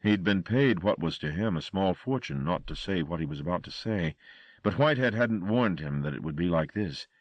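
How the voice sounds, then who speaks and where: Man, deep voice, lively intonation, audiobook horror narration, dry close sound. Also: moderate pace, no room sound, lo-fi sound.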